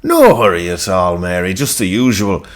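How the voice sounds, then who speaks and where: A man voicing a kindly, steady middle-aged farmer who talks gently and warmly. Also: low-pitched, normal speed. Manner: gentle, warmhearted.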